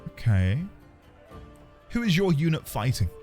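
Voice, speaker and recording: A man's voice: on the high side, sing-song, unhurried, mellow. A man streaming a video game live, chatting and joking as he plays and reading place names aloud. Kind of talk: live gameplay commentary. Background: game music.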